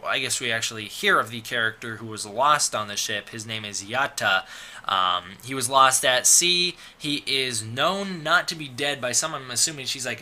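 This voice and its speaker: Bright-voiced man rambling through a review. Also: mid-range voice. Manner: rambling, filler-heavy, sarcastic. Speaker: movie reviewer. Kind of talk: casual film review recap.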